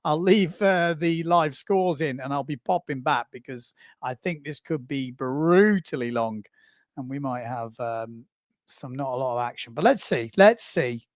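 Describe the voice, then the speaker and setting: A man's voice: medium pitch, unhurried, dry recording, studio quality. A man hosting a live stream, chatting casually while reading out viewer comments, laughing often and poking fun at himself. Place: small live booth.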